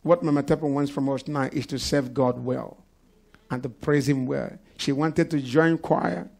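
A man's voice: mid-range voice, steady tone, moderate pace, vocal fry, a little mellow. A man preaching a sermon to his church, calling out to the congregation again and again. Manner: preaching with call-outs to the congregation. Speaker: pastor. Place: church service.

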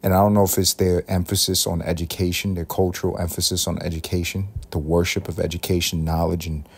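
A man from Puerto Rico hosting a solo podcast, thinking aloud in a rambling, self-questioning way with drawn-out phrases. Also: sits low, level tone, vocal fry, slightly rough. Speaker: podcast host.

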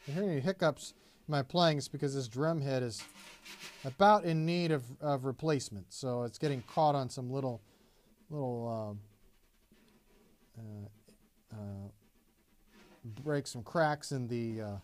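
A man's voice: medium pitch, unhurried, pauses often. A man teaching a drum lesson, patiently explaining and counting beats aloud as he plays. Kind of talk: instructional demonstration.

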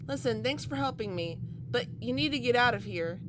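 A woman voicing a girl who urgently warns a stranger and guides them out, in a lower, hushed voice, reading video game dialogue aloud. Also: animated, brisk, noisy background, natural voice.

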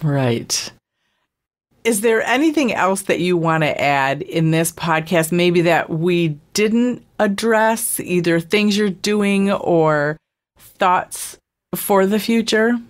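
Woman host of an interview podcast: lower voice, gentle, measured questions. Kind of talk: casual interview conversation.

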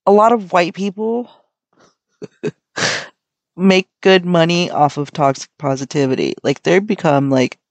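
A woman's voice: sits low, a little mellow, dry recording. A young adult American woman hosting her own podcast, talking in a rambling, frank, swear-heavy casual way. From United States. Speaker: podcast host. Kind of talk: casual solo podcast chat.

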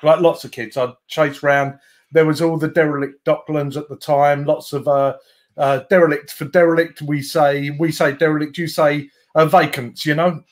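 Man, Cockney accent, middle-aged, chatty storyteller, a touch high. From East London, England. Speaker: guest, former fire brigade chief. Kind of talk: casual chat.

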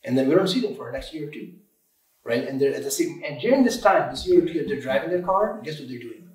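A man's voice: fairly high pitch, expressive, fast. Emphatic man in a roomy room. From Michigan, USA. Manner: emphatic, repeats words, restarts often. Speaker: auto repair shop owner, guest. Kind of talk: casual podcast interview. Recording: roomy room, distant mic.

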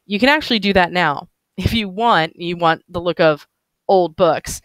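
A woman teacher reads a novel aloud and explains passages in a smooth, clear voice. She trips over words now and then and corrects herself. The sound is dry and close. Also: fairly low pitch, no room sound. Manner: stumbles over words and apologizes.

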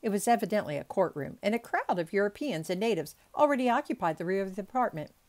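A woman's voice: medium pitch, very animated, fast talker, a little mellow. Chatty woman reading an audiobook. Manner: chatty asides and stumbles over words. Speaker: audiobook reader. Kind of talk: amateur audiobook narration.

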